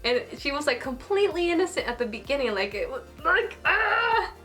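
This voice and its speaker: A young woman with a fairly high voice gushes through an anime episode review. She is excitable and casual, and she fills her sentences with "like" as she talks. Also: fast talker, soft background music. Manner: gushing, excitable, heavy use of "like".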